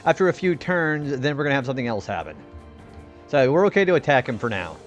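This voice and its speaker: Brief: a laid-back young man streaming games, casual and animated, with soft background music. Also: medium pitch, fast talker. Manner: chatty and laid-back, greets viewers, laughs often. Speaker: game streamer. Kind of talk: casual live-stream commentary.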